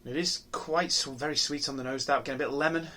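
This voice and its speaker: A man's voice: medium pitch, fairly even intonation, fast talker, pushed and bright. A man reviewing beer on his own channel, talking casually and musing aloud with many ums, restarts and rhetorical questions.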